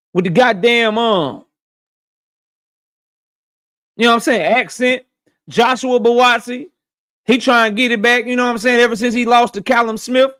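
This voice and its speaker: High-voiced profane boxing talk host. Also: male voice, fairly bright tone. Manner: profane, blunt, repeats lines for emphasis. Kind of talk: casual opinionated commentary.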